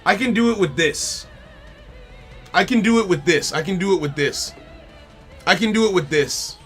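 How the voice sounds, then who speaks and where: A man's voice: on the high side, fairly bright tone, breathy edge. A man streaming a card game, thinking aloud in casual commentary, repeating phrases to himself and talking to his opponent and chat. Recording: faint music behind the voice.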